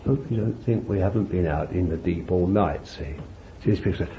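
A man preaching a sermon, calling his listeners beloved, laughing between points and jumping high when he voices prayers and pleas. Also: fairly quick. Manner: animated, jumps to high pitch for quoted pleas. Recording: dull lo-fi old sermon tape with faint hiss.

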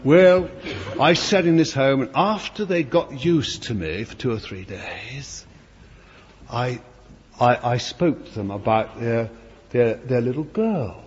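An older preacher telling a story from the pulpit, with chatty asides and a lively, swooping voice. The recording is dull and old, with a long hall reverb and faint hiss behind it. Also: male voice, medium pitch, slow pace. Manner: chatty, anecdotal, playful asides. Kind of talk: storytelling sermon.

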